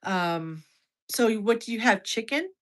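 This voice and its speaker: A woman's voice: fairly high pitch, expressive, measured pace. A woman from the United States in her fifties, hosting a casual livestream, chatty and restarting sentences as she reacts to viewer comments. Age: over 50. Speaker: health livestream host.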